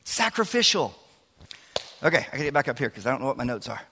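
A man's voice: mid-range voice, racing, vocal fry, slight background noise. A man, preaching to teenagers and the church in a chatty, joking way. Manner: lively, chatty, jokes with the crowd. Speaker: youth pastor. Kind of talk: sermon. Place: large church hall. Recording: long hall reverb.

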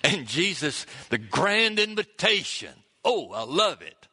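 A man delivers a sermon in an unhurried, deliberate way, letting his words land one by one. His tone is bright and forceful, and he acts out the lines he quotes with lively expression. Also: on the high side, slightly rough. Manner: expressive preaching, acts out quotes, pauses and chuckles. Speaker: pastor.

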